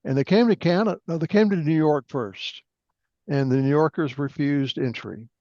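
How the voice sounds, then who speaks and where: A man's voice: a little high, moderate pace, dry recording. A man chatting over an online call, asking questions and drifting into long, rambling family stories. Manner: rambling, tangential storyteller. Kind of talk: casual conversation on a call. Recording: dull, dry online call audio.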